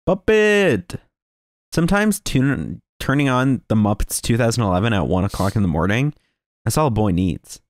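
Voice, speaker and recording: A man's voice: lowish voice, big pitch swings, a little fast, dry recording, clean studio sound. A young man co-hosting a podcast in casual chat, joking and rambling through stories. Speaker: podcast co-host.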